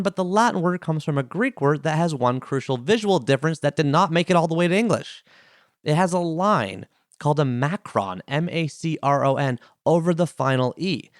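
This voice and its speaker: A man's voice: a little high, no room sound, clean studio sound. A man hosting a podcast, reading listener mail and musing on a word in a playful, enthusiastic way. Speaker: podcast host. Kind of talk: solo podcast segment, reading a letter and explaining a word.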